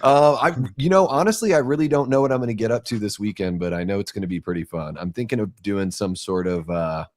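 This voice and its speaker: Male co-host, lowish pitch, dry close sound, rambling with lots of fillers. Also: quick pace, few pauses, dry recording. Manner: rambling, hesitant, filler-heavy. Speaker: podcast co-host and streamer. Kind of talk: casual chat.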